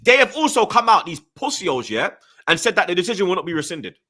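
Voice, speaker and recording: A man's voice: sits high, sing-song, quick pace, bright, forceful tone. A young man with a London multicultural accent, hosting a heated football chat, ranting with heavy slang and stuttering when angry. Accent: London multicultural English. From Jamaican heritage, London. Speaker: football podcast host.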